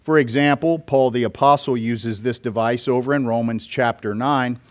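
A man's voice: medium pitch, steady tone, normal speed. A man, a pastor, preaching an expository sermon and explaining scripture step by step, with occasional fillers.

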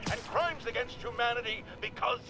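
An actor playing an indignant, loud male radio talk show host, reading listener mail on air. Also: extremely high pitch, normal speed, background noise. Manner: animated, indignant broadcast delivery. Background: game music.

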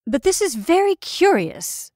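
A woman playing an eager young gentleman. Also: mid-range voice, moderate pace, dry recording, clean studio sound, natural voice. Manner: eager, exclaiming. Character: curious young gentleman traveler, eager and polite.

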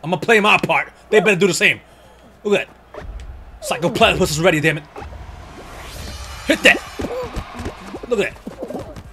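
A young man commentating his own gameplay, excitable, cursing and often yelling at the game. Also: sits high, fairly quick, pauses often, faint music behind. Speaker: gaming YouTuber. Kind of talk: excited let's-play commentary.

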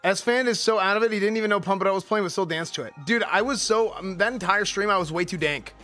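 A man's voice: high-pitched, quick pace, sharp tone, faint music behind. A young man reacting to clips of his own streams in casual, slangy commentary, laughing often.

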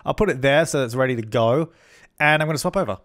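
A fast-talking young man with a mid-range, fairly bright tone provides casual commentary for a let's-play video. The gaming YouTuber rambles chattily, corrects himself often, and slips into character voices along the way.

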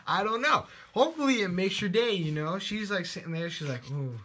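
A man's voice: high-pitched, lively intonation, fairly quick, pushed and bright. Playful Texan man demoing crafts. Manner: playful, silly, joking asides. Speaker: guest presenter of a craft show. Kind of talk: casual live craft demo, reading viewer comments.

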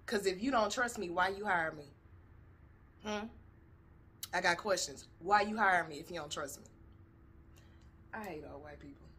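A woman's voice: lowish voice, normal speed, long pauses, bright, forceful tone, breathy edge. A woman hosting a reaction video, talking in a blunt, profane and exasperated way as she comments. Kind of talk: casual commentary.

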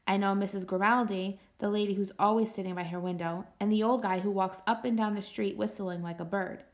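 A woman teacher reading a novel aloud to her class, with steady and expressive first-person narration. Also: mid-range voice, brisk.

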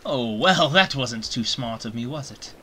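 Slow-talking man in mock-pirate banter. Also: medium pitch, lively intonation, sharp tone, a little hiss or hum. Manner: jokey mock-pirate talk. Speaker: gaming streamer. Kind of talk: live gameplay commentary.

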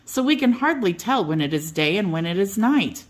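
A woman's voice: mid-range voice, big pitch swings, normal speed. An older woman voicing two motherly old hens who patiently explain how eggs hatch.

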